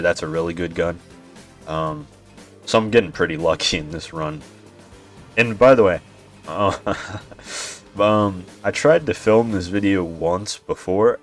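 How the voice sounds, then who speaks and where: A man's voice: sits low, a bit bright. A young man giving laid-back gameplay commentary, swearing often, chuckling and sounding tired. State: yawning, tired. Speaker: gaming YouTuber.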